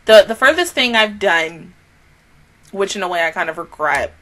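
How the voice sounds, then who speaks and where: Bright-voiced, animated, swearing woman. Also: medium pitch. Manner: animated, swears a lot, mimics people in quick put-on voices. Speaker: YouTuber reacting to anime. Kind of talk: casual reaction rant.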